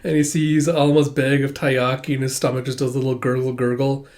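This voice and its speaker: A man's voice: medium pitch, little pitch movement, brisk, darkish tone. A young man casually reading through a manga chapter and commenting on it, chatty and swearing freely.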